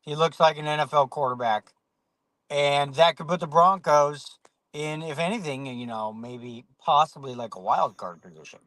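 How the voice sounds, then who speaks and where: A man's voice: fairly high pitch, moderate pace, a bit bright. A man hosting a casual sports podcast, rambling with lots of fillers and restarts. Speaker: podcast host.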